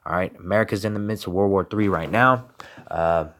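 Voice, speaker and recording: A man's voice: sits low, brisk, fairly bright tone. A man giving emphatic political commentary and reading scripture, with repeated rhetorical questions. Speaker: religious commentator.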